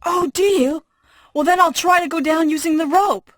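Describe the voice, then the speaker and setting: A woman voicing a young female special-forces agent in a 1990s video game, reading her lines in a stilted, flat way. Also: very high voice, moderate pace, slight background noise. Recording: echoey game audio with music.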